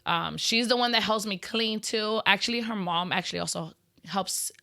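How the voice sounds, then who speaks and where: Chatty business owner lady, bright voice, dry close sound, keeps saying you know and laughing. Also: medium pitch, moderate pace, gravelly, dry recording. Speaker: small business owner, interview guest. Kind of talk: casual interview chat.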